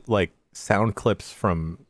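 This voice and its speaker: A man's voice: lowish voice, very slow, a little hiss or hum. A man co-hosting a video game podcast, joking and explaining youth slang in casual chat. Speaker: podcast co-host.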